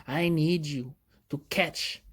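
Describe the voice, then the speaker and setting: A man's voice: on the high side, slow pace, husky. A man voicing an insistent Italian man in his fifties who keeps demanding that security act. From Italy.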